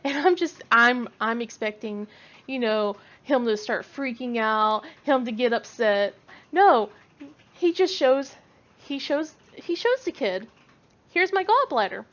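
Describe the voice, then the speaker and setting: Woman, 30s, chatty vlogger, rambling with restarts, slightly high voice, muffled lo-fi sound. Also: slow, fairly bright tone. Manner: chatty, laughs often, frequent restarts. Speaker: craft vlogger. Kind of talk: casual storytelling. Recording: dull lo-fi home recording.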